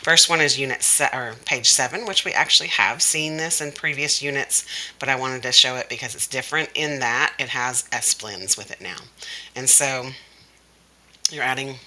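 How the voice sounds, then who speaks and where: Very bright-voiced woman explaining phonics. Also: a bass voice, normal speed, rough recording. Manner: explains step by step, sounding out letter sounds. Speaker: kindergarten teacher. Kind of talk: instructional workbook walkthrough.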